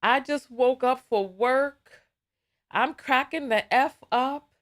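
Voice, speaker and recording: A woman's voice: high voice, takes it slowly, a bit bright. A woman hosting a live call-in talk show, laughing often and sounding exasperated.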